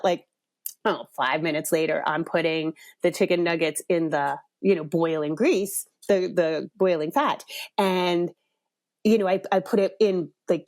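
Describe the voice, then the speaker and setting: A middle-aged woman hosting a podcast, telling a family story in a chatty way, laughing often and jumping up in pitch when she quotes people. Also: a little mellow. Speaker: podcast host. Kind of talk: casual storytelling.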